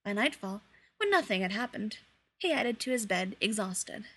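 A woman reading fan fiction aloud in a lively, expressive storytelling manner. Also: medium pitch, moderate pace. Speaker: reader.

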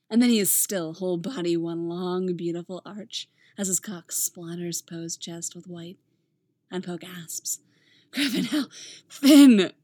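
A woman reading fan fiction aloud in a gentle, intimate storytelling manner. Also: lowish voice, breathy edge, no echo. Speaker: audiobook reader.

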